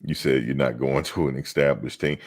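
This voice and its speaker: A man hosting a casual sports talk show, joking and acting out mock quotes in an animated, laid-back way. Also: rumbling low, a little fast, husky.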